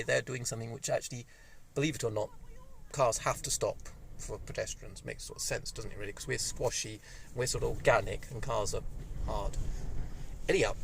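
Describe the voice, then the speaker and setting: Guy in his fifties rambling to camera with a cold, excitable, bouncy voice. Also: on the high side. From Wales. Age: 50s. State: has a cold. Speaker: vlogger. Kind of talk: rambling casual monologue. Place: indoors, sunny room.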